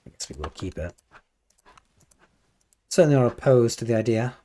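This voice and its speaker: A British man with a slightly hoarse voice, chatting casually and playfully with his live chat while gaming. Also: mid-range voice, very animated, moderate pace, long pauses, dark tone, slight background noise. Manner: rambling, playful, chatty asides. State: a little hoarse. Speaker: livestreamer.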